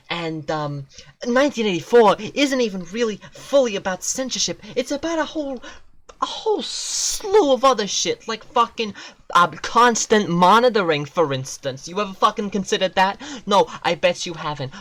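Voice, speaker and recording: Game streamer, casual profane rants, mid pitch, animated swoops in delivery. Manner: profane, ranting, self-mocking. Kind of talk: casual gaming-stream rant.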